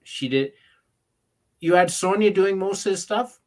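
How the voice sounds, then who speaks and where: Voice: medium pitch, unhurried, a little mellow. Chatty co-host spinning scenarios. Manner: spins hypothetical scenarios, chatty. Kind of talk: casual wrestling chat.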